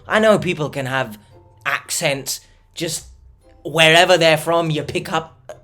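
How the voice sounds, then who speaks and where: A man hosts a reaction video in a lively voice that rises and falls a lot. His commentary is sarcastic and exasperated. Faint music plays underneath. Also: on the high side, unhurried. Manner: mocking, exasperated, animated.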